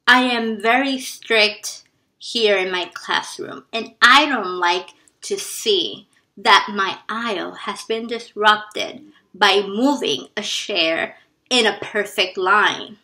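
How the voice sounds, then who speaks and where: A woman's voice: medium pitch, slow, pushed and bright. A woman telling a story puts on the stern, cutting voice of a strict and mean female schoolteacher. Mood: scolding.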